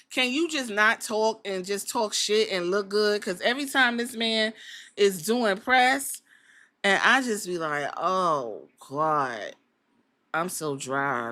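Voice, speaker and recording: A podcast host in Columbus talks bluntly on her casual show, joking and swearing freely. Her voice is fairly high, bright, and forceful.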